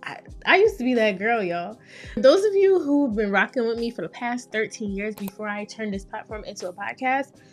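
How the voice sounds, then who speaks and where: A woman's voice: on the high side, expressive, normal speed, faint music behind. A woman, hosting a casual solo podcast as a therapist and talking candidly and playfully. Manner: candid, playful, acts out quoted voices.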